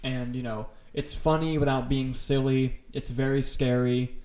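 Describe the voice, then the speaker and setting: A man's voice: mid-range voice, little pitch movement, measured pace, darkish tone. A man co-hosting a casual podcast, talking about horror films with enthusiasm and a lot of swearing. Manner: enthusiastic, rambling, swears freely. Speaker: podcast co-host. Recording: roomy echo.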